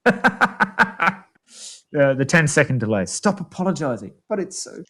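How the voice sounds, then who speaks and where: A man's voice: fairly high pitch, sing-song, slow, pushed and bright, slightly rough. A man from Australia with a mild, rounded Australian accent, co-hosting a casual chat show in an easygoing way. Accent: Australian, mildly rounded. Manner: easygoing, apologetic, laughs often. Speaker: co-host.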